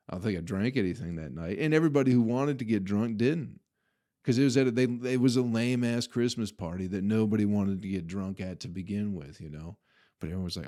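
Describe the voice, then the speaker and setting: With a lowish voice and a brisk pace, a young Flint, Michigan podcast host laughs his way through a profane party story, retelling it casually and with plenty of animation.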